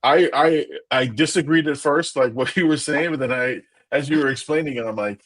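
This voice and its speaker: A man's voice: medium pitch, normal speed, a bit bright, no room sound. A man co-hosting a casual podcast, talking loosely, repeating words and acting out little quotes. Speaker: podcast co-host. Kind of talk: casual chat.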